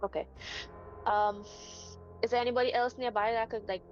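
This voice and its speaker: A woman playing a tabletop game, talking quickly and insistently, partly in character. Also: a little high, steady tone, muffled recording, faint music behind. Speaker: player. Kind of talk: casual tabletop game chat.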